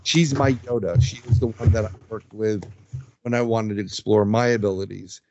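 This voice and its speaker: A man telling an animated ghost story, lo-fi. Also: fairly low pitch, normal speed, a little hiss or hum. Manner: animated storyteller, acts out quotes. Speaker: paranormal investigator guest. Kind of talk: casual storytelling interview.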